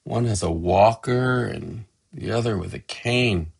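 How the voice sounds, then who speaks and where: A middle-aged man narrating a gentle, affectionate family story as a tribute to his father. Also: on the low side, unhurried, creaky, few pauses, breathy edge. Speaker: son telling a family story.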